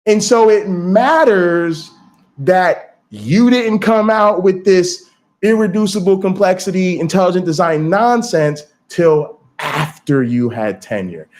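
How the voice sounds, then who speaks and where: A man hosting a casual livestream, talking straight to viewers in an animated, profane way. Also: high-pitched, slow. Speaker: streamer and channel host.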